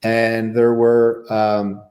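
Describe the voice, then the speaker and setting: A middle-aged man and former Navy SEAL, a podcast guest telling his life story in a candid, halting, reflective way. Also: medium pitch, completely flat delivery, a little mellow. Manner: reflective, halting, with many restarts.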